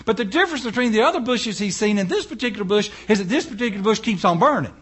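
A man's voice: sits high, lively intonation, fast talker, a bit bright, husky. A male preacher retelling a Bible story in a folksy, conversational sermon, talking straight to the congregation.

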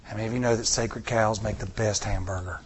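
A man's voice: on the low side, steady tone, fast, slight background noise. A middle-aged man preaching a sermon to a congregation, with repeated rhetorical questions and rising emphasis. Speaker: pastor.

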